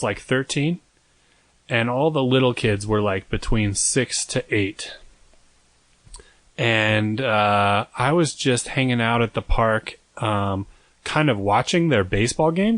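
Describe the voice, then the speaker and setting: A young man co-hosting a podcast, telling a story in a rambling, self-mocking way and jumping into a high voice for quoted lines. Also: no echo. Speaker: podcast co-host. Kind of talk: casual storytelling chat.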